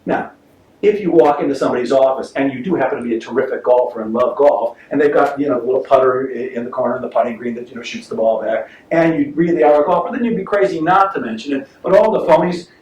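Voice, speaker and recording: A man, a sales trainer, giving a lively seminar talk to inventors and quizzing the audience with enthusiasm. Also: medium pitch, fast talker, highs cut off. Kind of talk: live seminar talk with audience back-and-forth. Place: meeting room, heard from across the room. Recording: echoey room, far-off mic, faint hiss.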